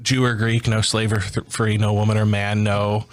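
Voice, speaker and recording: A man joining a casual podcast discussion, speaking in a measured, emphatic way. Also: lowish voice, flat delivery. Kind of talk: casual chat.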